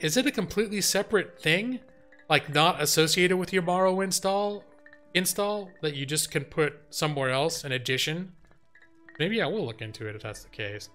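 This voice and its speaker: A young man hosts a live game stream in a lively, joking way, reacting to his chat. His voice sits somewhat high, with faint game music underneath. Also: clean tone. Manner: animated, laughing, reads chat and jokes aloud.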